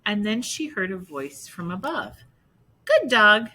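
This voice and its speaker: A woman reading a picture book aloud slowly, adding explaining asides to listeners. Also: medium pitch, big pitch swings, fairly bright tone, rough recording. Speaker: storybook reader.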